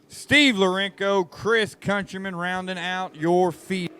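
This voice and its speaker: A man calling a dirt track race live, excitable and joking with the crowd. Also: high voice, takes it slowly, a little hiss or hum. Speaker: race announcer. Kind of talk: live race commentary over a PA.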